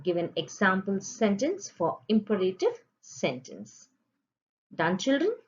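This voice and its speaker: A woman's voice: mid-range voice, huge pitch swings, measured pace. Sing-song woman teaching grammar to children. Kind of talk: online grammar lesson for children. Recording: dull lo-fi sound.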